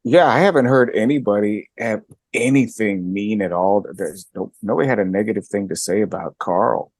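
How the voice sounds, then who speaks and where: A middle-aged man and guest co-host chatting casually, animated, jumping high in pitch when he makes a point. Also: moderate pace, dry recording. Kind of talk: casual chat.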